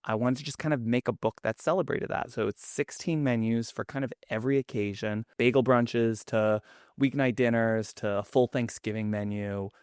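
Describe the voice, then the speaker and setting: A man's voice: medium pitch, steady tone, moderate pace, darkish tone, clean tone, no room sound. Brief: man in his thirties, Queens New York accent, effusive podcast guest, dry close sound. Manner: chatty and effusive. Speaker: guest, cookbook author. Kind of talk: casual podcast chat.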